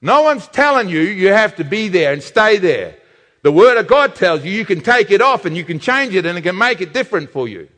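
Man, preacher, sermon, emphatic, bright tense tone, echoing hall. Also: sits high. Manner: emphatic, animated preaching with slowed stressed phrases. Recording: reverberant hall.

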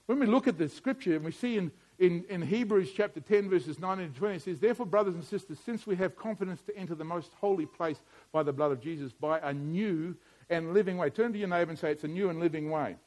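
High-voiced preacher. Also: male voice, quick pace. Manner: swings from quiet musing to loud, emphatic preaching. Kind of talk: sermon.

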